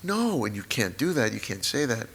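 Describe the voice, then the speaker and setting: A man's voice: on the low side, lively intonation, creaky, fairly bright tone, slightly rough. Emotional man in his sixties telling a story. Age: 60s. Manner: halting, repetitive, openly emotional. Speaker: guest, memoir author. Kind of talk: emotional personal storytelling on stage. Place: live talk event in a hall.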